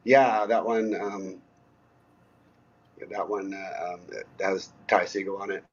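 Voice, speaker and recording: Husky low-voiced musician, halting and easygoing. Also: male voice, fairly even intonation, dull audio. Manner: halting, lots of ums, easygoing. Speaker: musician guest. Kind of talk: casual interview talk.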